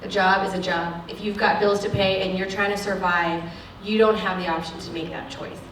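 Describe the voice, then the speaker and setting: An actress speaking frankly at a lecture, acting out the people she quotes in an animated way. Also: medium pitch, normal speed, slight background noise. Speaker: actress giving a guest lecture. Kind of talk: candid talk at a lecture Q&A. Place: lecture hall. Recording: echoey hall, distant mic.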